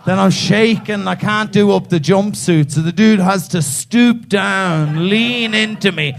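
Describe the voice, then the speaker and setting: A man's voice: high-pitched, a little slow, vocal fry, faint music behind. A man performing stand-up comedy in a club, swearing freely and teasing a man in the audience. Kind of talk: stand-up comedy crowd work.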